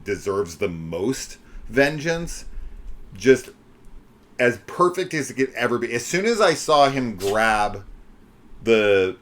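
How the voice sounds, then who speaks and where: A man co-hosting a podcast, talking excitedly and with swearing in quick bursts about a film. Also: medium pitch. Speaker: podcast co-host. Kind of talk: casual chat about a film.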